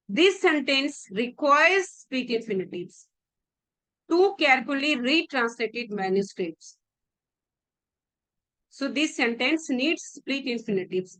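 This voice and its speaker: A woman's voice: high-pitched, fairly bright tone, poor audio. A woman with an Indian English accent giving an exam-prep grammar lesson. She explains carefully, often restarting words and repeating key phrases.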